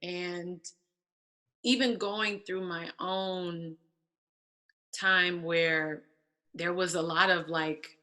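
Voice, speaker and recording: A woman guest telling a personal story in casual conversation, animated and acting out quoted voices. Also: on the low side, extremely slow, long pauses. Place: church stage.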